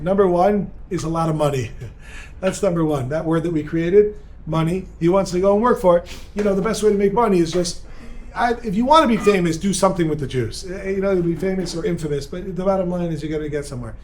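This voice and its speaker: A male rabbi giving an energetic, joking seminar talk and bantering with a live audience in a room. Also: sits high, fast talker, a little hiss or hum. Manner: energetic, joking, talks with the crowd.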